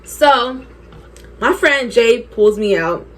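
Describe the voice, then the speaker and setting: A young woman vlogger telling an animated, profane story while doing her makeup. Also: a little high, slow. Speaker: beauty vlogger.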